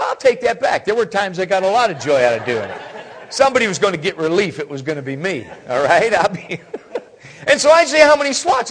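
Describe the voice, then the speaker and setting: Husky middle-aged preacher, fairly high voice, humorous storyteller who drops to a whisper and then booms. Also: male voice. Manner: swings from hushed near-whispers to loud exclamations. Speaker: pastor. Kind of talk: sermon.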